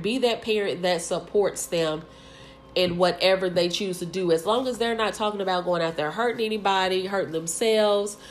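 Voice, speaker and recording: A woman's voice: medium pitch, a little hiss or hum. A woman in her forties talking as a co-host, earnest and emphatic, repeating words and using many fillers. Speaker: co-host, cheer coach and mother. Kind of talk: casual podcast discussion.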